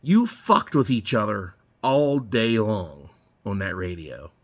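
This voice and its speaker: A man's voice: on the low side, big pitch swings, takes it slowly. A middle-aged man telling rambling, profane stories in a blunt, casual way while he works in his garage. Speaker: garage owner. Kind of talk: casual storytelling while working.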